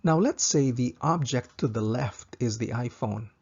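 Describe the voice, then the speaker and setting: Male language tutor: husky, gravelly, patient, repeats each phrase twice, dull lo-fi recording. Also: mid-range voice, a little mellow. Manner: slow, careful, repeats each example twice for practice. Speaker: Japanese language teacher.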